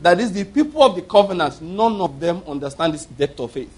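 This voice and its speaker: A man's voice: sits high, expressive, fairly quick, breathy edge. A middle-aged man preaching a sermon, telling stories with emphatic repetition. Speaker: pastor.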